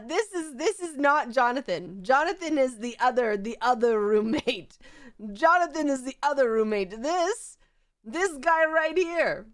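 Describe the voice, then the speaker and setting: Woman streamer, excitable casual chat. High, very animated voice, gushing and unhurried. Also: no echo, studio quality. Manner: gushing and animated, with frequent laughs and repetition.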